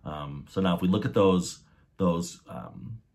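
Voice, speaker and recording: A man's voice: low voice, unhurried, a little mellow. A man hosting a podcast, explaining ideas methodically and restating his key points. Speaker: podcast host.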